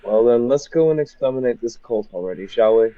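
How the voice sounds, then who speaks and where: A man's voice: medium pitch, expressive, fairly quick, no echo, narrow, tinny audio, natural voice. A man playing an earnest, formal male adventurer in a tabletop game, speaking with stiff courtesy.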